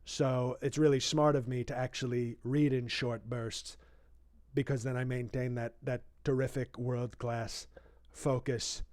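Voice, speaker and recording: A man's voice: mid-range voice, little pitch movement, measured pace, a little mellow, no echo, clean studio sound, natural voice. A man doing a boastful rambling politician. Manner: boastful, rambling, interrupts his own reading with asides. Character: boastful rambling older male politician, self-praising. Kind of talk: comic impression reading a book aloud.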